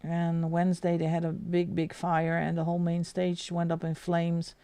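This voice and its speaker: A woman's voice: lowish voice, completely flat delivery, moderate pace, dark tone, smooth. A woman whose first language is Dutch, speaking English with a Flemish accent, hosting a live stream and chatting casually while colouring, giggling often.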